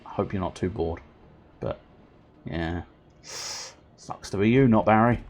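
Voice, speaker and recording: A man's voice: lowish voice, slow pace, darkish tone, a little hiss or hum. A man streaming video games, chatting casually in a playful, rambling way and joking to himself. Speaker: game streamer. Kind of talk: casual gameplay commentary.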